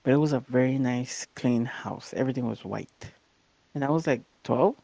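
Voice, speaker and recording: A young woman co-hosting a podcast, telling stories in a lively, animated way and acting out the voices of the people in them. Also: extremely low pitch, normal speed, gravelly, no room sound. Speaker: podcast co-host. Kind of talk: casual chat, storytelling.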